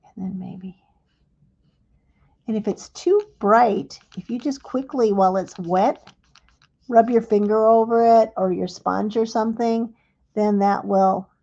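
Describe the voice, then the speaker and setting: A woman with a gravelly, warm, mellow voice walks viewers through a live craft demonstration. She explains each small step gently and without hurry. The sound is dull and lo-fi, like a livestream. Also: on the high side, steady tone, normal speed. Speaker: craft instructor.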